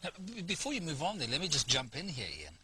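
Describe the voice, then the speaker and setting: Man host, quick and animated, noisy distant sound. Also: a little high. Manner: jumps in with quick questions. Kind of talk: talk show.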